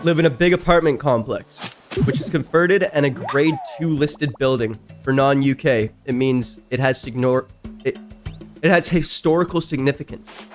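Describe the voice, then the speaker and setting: A man streaming a game, reading stories aloud and breaking in with loud, jumpy reactions. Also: moderate pace, soft background music. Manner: reacts loudly, jumps high in pitch. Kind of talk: casual reading and commentary while gaming.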